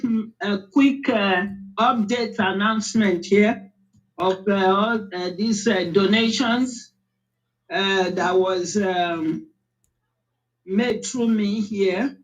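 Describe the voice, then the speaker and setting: A woman reading out a list of donors, measured and hesitant with fillers. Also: mid-range voice, dull audio. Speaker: donation announcer.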